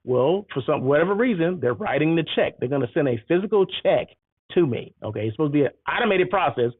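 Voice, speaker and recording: A man hosting a casual monologue, telling an animated story and acting out both sides of the exchanges. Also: medium pitch, husky, dry recording. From United States. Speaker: host. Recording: tinny phone-like sound.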